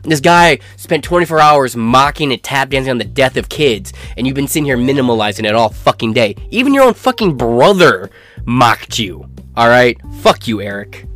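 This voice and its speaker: A foul-mouthed man rants through a commentary, sneering and profane. His voice sits at an ordinary middle pitch. Faint music plays behind him. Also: expressive, moderate pace, a bit bright. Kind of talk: ranting commentary.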